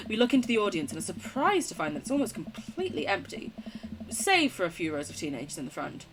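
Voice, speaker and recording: Against a noisy background, a young woman from the UK streams a game, reading its text aloud and chatting casually with viewers, giggling often and swearing. Her medium-pitched voice is very animated and a little fast, broken by long pauses.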